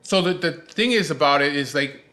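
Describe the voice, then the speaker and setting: A man's voice: on the high side, animated, normal speed, sharp tone. A man in his forties, a show host telling a personal story in casual chat, rambling and swearing freely with many restarts. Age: 40s. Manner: rambling, profane, lots of fillers and restarts.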